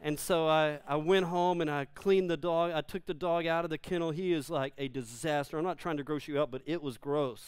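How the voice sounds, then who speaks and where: A man preaching a humorous sermon, animated and self-deprecating, acting out the quotes in his story. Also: on the high side, fairly quick, smooth, dry recording. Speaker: pastor.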